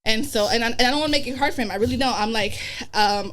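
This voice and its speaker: A young woman with a high-leaning voice, a guest on a podcast, tells a personal story in quick, casual chatter. She's animated and brisk, cursing freely and putting on the voices of the people she quotes.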